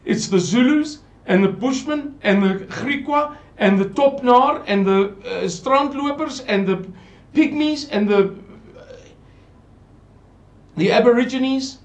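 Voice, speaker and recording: A man speaks in an earnest, pleading monologue, circling back and repeating himself. His voice sits high and swings widely up and down. A gravelly edge runs through it. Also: animated, takes it slowly. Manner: pleading, repetitive, digressive. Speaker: channel presenter.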